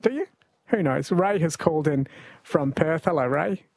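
A man's voice: on the high side, normal speed, vocal fry, darkish tone, no room sound. An Australian man hosting a radio quiz show, chatty and jokey, laughing often. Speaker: radio host. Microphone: studio mic.

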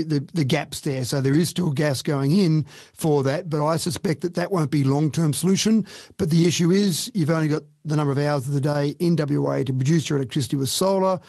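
A man, a consultant guest on radio, explaining a topic briskly. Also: a little high, warm tone, dry recording, studio quality. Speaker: small business consultant, guest. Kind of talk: radio interview answer.

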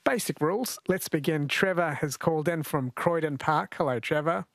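A man's voice: fairly high pitch, normal speed, gravelly, a bit bright, no room sound. A man with an Australian accent hosting a radio quiz, chatty and jokey. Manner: chatty, jokey, laughs often. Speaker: radio host. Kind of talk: radio talk show hosting. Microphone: studio mic.

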